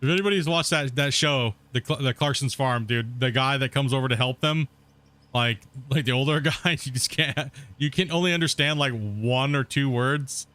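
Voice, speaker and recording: A man's voice: mid-range voice, normal speed, a bit bright. A man, streaming a game and chatting casually with viewers, rambling and laughing often. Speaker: gaming streamer. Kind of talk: casual let's-play commentary.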